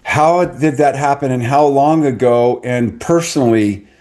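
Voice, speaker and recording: A man's voice: mid-range voice, measured pace, darkish tone. A middle-aged man hosting a podcast, chatting casually with an eager, salesy enthusiasm. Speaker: podcast host. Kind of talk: casual online talk.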